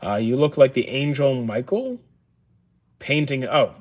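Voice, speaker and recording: A man in his thirties answers viewer questions on a casual livestream. He keeps a calm, level, matter-of-fact tone, dry rather than excitable, and often pauses on an "uh" before replying. His voice sits at an ordinary middle pitch for a man. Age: 30s. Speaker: livestream host. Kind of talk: casual livestream Q&A reading chat.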